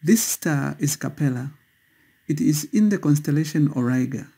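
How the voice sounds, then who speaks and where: A man's voice: on the high side, lively intonation, normal speed, vocal fry, mellow, breathy edge. A man narrating a scripted voice-over for a stargazing guide, careful and instructional.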